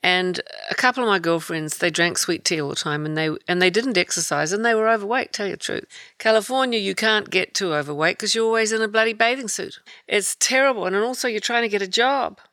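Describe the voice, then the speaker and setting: A woman's voice: medium pitch, brisk, a bit bright, dry recording, clean studio sound. A woman from New Zealand in casual chat, blunt and candid.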